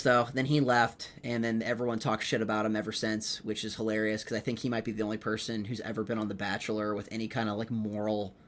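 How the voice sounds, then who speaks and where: A young man hosting a comedy podcast, rambling in an animated, profane way and filling his talk with "like.". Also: medium pitch. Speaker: podcast host, rookie stand-up comedian.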